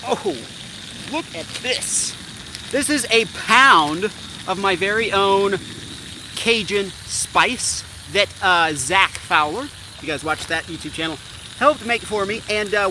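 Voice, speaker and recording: A man with a fairly high voice chats upbeat and loosely to his viewers while he cooks outside by a river. He is recorded on a tripod-mounted camera in the open air. Steady outdoor noise sits clearly behind his voice. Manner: chatty, upbeat, talks straight to viewers. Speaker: fishing vlogger. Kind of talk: casual livestream chat while cooking. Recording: outdoor camera audio with loud ambient noise.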